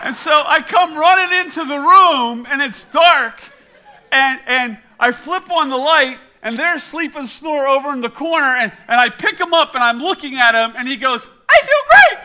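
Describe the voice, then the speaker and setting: At a moderate pace, a middle-aged pastor hosts a quiz for his congregation and recounts an animated, self-deprecating tale. His voice is very high-pitched.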